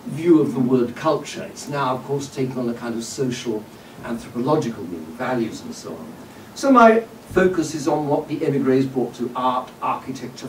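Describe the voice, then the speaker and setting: A man giving a public lecture in a hall, measured and discursive, with frequent "uh" and "um" and occasional wry asides. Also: on the high side, a little mellow. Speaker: guest lecturer. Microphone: distant room mic. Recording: roomy hall audio from a distance with faint background noise.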